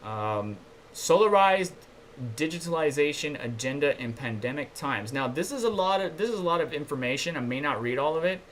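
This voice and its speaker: A man with a fairly high voice hosts a casual crypto news livestream. He reads news articles aloud, then breaks off to chat loosely with his viewers. A faint hiss sits behind his voice. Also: expressive, moderate pace, fairly bright tone. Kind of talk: casual live-stream commentary, reading news articles aloud.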